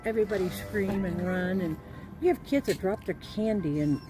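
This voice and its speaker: Woman, middle pitch, chatty, laughs easily, casual outdoor talk, loud music in the background. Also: normal speed. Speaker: haunted house operator. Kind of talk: casual chat. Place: outdoors at a haunted house attraction.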